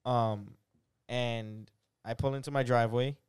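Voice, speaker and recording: A man's voice: medium pitch, steady tone, unhurried, clear, resonant tone, dry recording, studio quality. A young man in his twenties, a podcast guest, rambling through stories with many restarts and quoted back-and-forth. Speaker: podcast guest, aspiring police officer. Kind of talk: casual podcast chat.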